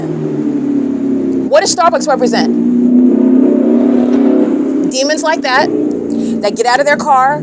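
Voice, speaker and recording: A woman's voice: on the high side, noisy background. A woman giving an impassioned religious monologue, emphatic and preachy, repeating phrases and firing rhetorical questions. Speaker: self-documenting vlogger.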